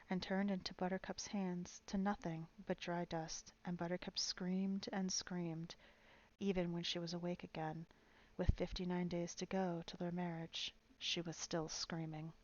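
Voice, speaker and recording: A woman's voice: on the low side, a little mellow, highs cut off. A woman narrating a novel aloud in a live stream reading. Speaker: storyteller.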